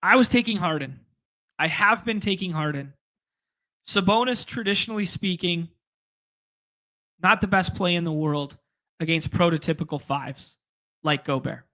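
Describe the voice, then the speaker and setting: A man hosting a fantasy sports live stream in a loose, rambling way, tossing in jokes and shout-outs to chat. His voice sits a bit high and sounds bright and forceful. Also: normal speed, pauses often. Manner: rambling, jokey, reads chat aloud. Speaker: fantasy sports podcast host.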